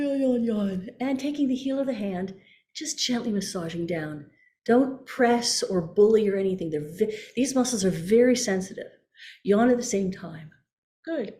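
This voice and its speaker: A woman voice coach leading a workshop over a video call, giving calm, gentle cues. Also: mid-range voice, roomy sound. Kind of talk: guided workshop instruction.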